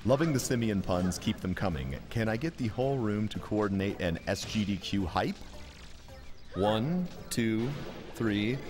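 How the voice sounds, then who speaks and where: A man's voice: lowish voice, expressive, a little slow, a little mellow. A man reading donation messages aloud during a live charity gaming stream, with dry, joking announcer delivery.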